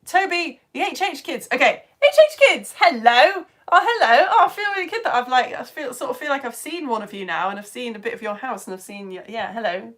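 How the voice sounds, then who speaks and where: Bubbly woman from the UK, live online science teacher, higher voice with a bouncy, animated delivery. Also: a little fast, few pauses. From United Kingdom. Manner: chatty, enthusiastic, laughs often. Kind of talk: live-streamed lesson, reading viewer comments.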